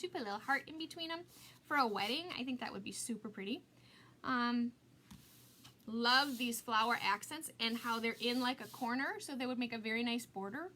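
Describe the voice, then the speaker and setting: Bright, chatty woman hosting a craft demo. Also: sits high, slight background noise. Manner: chatty, self-mocking, laughs often. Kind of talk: casual live craft demo.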